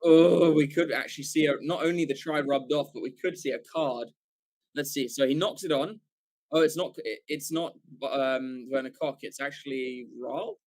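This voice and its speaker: A man giving live fan commentary for a watchalong stream, excitable, swearing casually and often correcting himself mid-call. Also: mid-range voice, normal speed.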